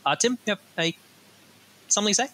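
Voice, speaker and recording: A man co-hosting a casual podcast, rambling through his points and often repeating "as such". His voice has a bright, forceful edge. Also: high-pitched, lively intonation, quick pace, low-quality recording. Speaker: podcast co-host. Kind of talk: casual discussion.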